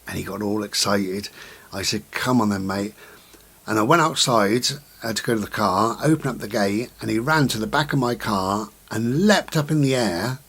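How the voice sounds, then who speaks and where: A middle-aged man, talking slowly and gently to the camera in a reflective vlog, with many pauses and repetitions. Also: lowish voice, husky. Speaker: vlogger.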